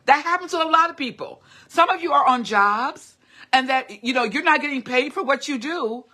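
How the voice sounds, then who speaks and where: A middle-aged woman talks straight to her viewers in a heartfelt livestream, earnest and encouraging. Her voice is bright and forward, with a husky, breathy edge. She doubles back on her words and restarts her sentences as she goes. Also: fairly high pitch. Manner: earnest and encouraging, often repeats herself and restarts. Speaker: host of a motivational live video. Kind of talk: casual heartfelt livestream talk.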